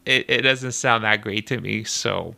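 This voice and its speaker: A young man casually commenting on a game trailer, animated and nitpicky, laughing often as he talks. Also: fairly low pitch, measured pace, creaky. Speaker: video reactor.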